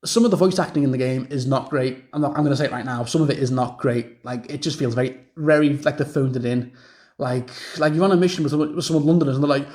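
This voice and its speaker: A young man talking through a casual game review rant in a high voice. He rambles, restarts his sentences and repeats himself, with plenty of fillers. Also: lively intonation, a little fast, a little mellow.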